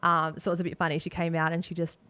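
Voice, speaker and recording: A young Australian woman, a rugby league player co-hosting a podcast, chatting casually and telling stories with lively acted-out bits of dialogue. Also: fairly low pitch, very fast, smooth, no echo. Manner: animated storytelling, acts out quoted talk. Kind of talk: casual chat.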